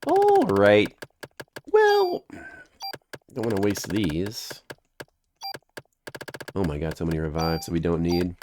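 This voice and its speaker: A man's voice: deep voice, very animated, takes it slowly, pauses often, darkish tone, a little hiss or hum. A man streaming a video game who rambles in a goofy, joking way and talks to his chat. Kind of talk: casual game-stream chatter.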